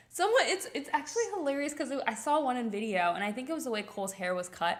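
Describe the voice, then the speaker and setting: A woman's voice: fairly high pitch, lively intonation, fast, hardly any pauses. A woman co-hosting a live stream in casual chat, chatty and giggly.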